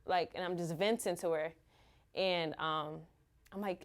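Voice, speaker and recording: A woman, a mother, candidly telling her own story in a halting, open way full of fillers. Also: lowish voice, steady tone. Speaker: mother sharing her experience.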